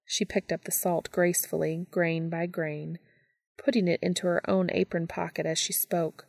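A woman narrating a fan fiction story as an audiobook in a steady, even reading voice. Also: lowish voice, normal speed, creaky, dry recording, clean studio sound.

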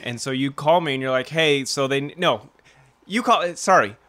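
A man's voice: medium pitch, expressive, normal speed, pushed and bright. A man co-hosting a podcast, chatting casually with restarts and frequent laughter. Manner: laughing, self-deprecating, rambling with restarts. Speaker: podcast co-host.

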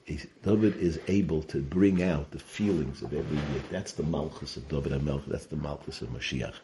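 A man's voice: a bass voice, brisk, background noise. A man giving a Torah talk, telling stories and sprinkling in Yiddish and Hebrew terms. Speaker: Torah teacher.

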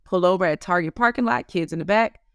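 A woman in her thirties, a business owner, being interviewed and telling lively stories in a casual way. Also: lowish voice, fast, smooth, no echo, clean studio sound.

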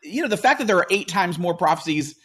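A man's voice: high voice, animated, quick pace, fairly bright tone, slightly rough. A man talks on a podcast in an earnest, explanatory way. He often restarts his sentences and drops in fillers as he goes. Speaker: podcast host. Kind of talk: casual podcast discussion.

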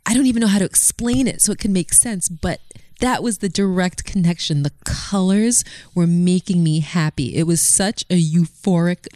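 A woman's voice: on the low side, moderate pace, dry recording. A woman in her thirties co-hosting a podcast, telling stories in casual chat with lots of laughter. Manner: animated storyteller, laughs often. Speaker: podcast co-host.

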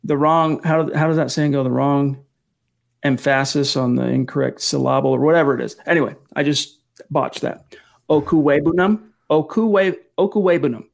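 A man hosting a casual live-stream podcast, energetic as he reads out viewer messages and thanks donors. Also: medium pitch, normal speed, vocal fry. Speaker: podcast host.

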